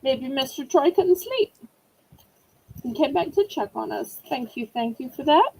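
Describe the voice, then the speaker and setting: A woman's voice: sits high, animated, unhurried, vocal fry, a little mellow, rough recording. A woman with a Southern US accent running a live online auction, chatty and playful, teasing herself as she sells. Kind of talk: live-stream auction chat.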